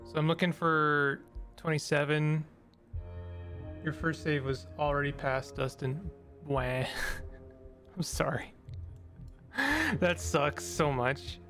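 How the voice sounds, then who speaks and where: A chatty, excitable man walks through a story game, reading its text aloud and laughing between lines. His voice sits a little higher than most men's. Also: slow pace, pauses often, soft background music. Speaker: let's play host.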